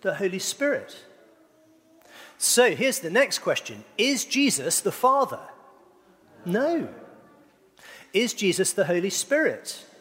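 A middle-aged pastor asks his congregation playful questions in a call-and-response sermon, his higher voice rising and falling lively. He speaks slowly with long pauses, and the church hall's long reverb carries the sound.

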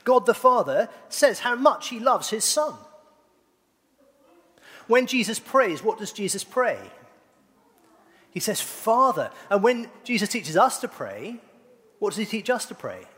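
A man's voice: high voice, sing-song, measured pace, pauses often, fairly bright tone. A middle-aged man preaching a sermon, playfully quizzing his congregation. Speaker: pastor. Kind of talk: sermon with congregation call-and-response. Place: church hall. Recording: long reverb of a church hall.

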